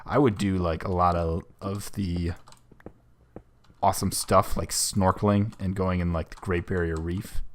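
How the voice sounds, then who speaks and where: Young man, very low voice, casual gaming commentary, rambling, self-correcting, keyboard typing behind. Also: level tone, unhurried, a little hiss or hum. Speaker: host.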